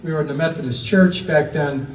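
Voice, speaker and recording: A man's voice: fairly high pitch, fairly even intonation, brisk, slight background noise. Older Ohio man telling family stories. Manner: rambling, many fillers, acts out quoted voices. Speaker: storyteller recounting family history. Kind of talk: casual spoken storytelling. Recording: echoey room, voice from a distance, faint ambience.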